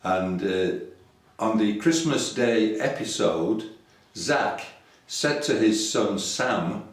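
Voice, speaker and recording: Brief: older Yorkshire man, casual rambling sermon, lowish voice, echoey distant room sound. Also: expressive, takes it slowly. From Yorkshire, England. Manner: rambling, conversational, hesitant. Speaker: website preacher.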